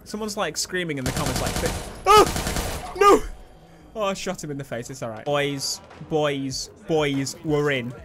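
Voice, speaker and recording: A young man giving excitable, swearing let's play commentary over a video game. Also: fairly high pitch, normal speed, few pauses, noisy background. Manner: excitable, swearing, laughing at his own jokes. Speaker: gaming YouTuber. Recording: game gunfire and sounds behind.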